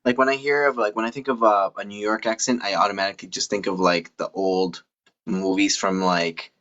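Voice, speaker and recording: A man's voice: fairly low pitch, steady tone, a little fast, fairly bright tone, dull audio. A man speaking as a guest in a casual live chat, hesitant and full of fillers.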